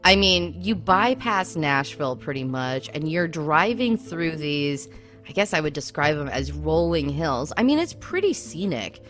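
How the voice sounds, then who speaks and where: Low voiced woman cohosting, chatty and loose, soft music behind. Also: sing-song, measured pace. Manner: chatty, with lots of "like" and "I mean". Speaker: podcast co-host. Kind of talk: casual chat.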